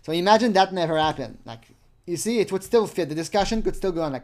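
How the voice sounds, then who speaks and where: Crude, sarcastic man, slightly high voice. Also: animated, fairly quick. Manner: crude, sarcastic running commentary. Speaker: commentary host. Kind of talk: reading and mocking chat logs.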